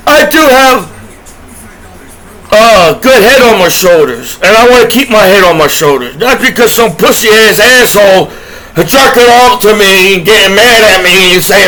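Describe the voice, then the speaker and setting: A man's voice: sits high, sharp tone, a little hiss or hum, rough recording. A man, a combat veteran, going on a rambling, profane and aggrieved rant with repeated words and trailing restarts. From United States. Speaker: disabled combat veteran vlogger.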